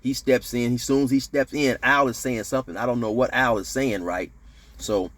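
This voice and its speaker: A man spinning a prison yarn in relaxed slang, building the action with shouted sound effects. His voice sits in an ordinary middle pitch, casual and conversational between the bursts. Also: moderate pace. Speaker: storyteller recounting prison life. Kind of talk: casual storytelling to camera.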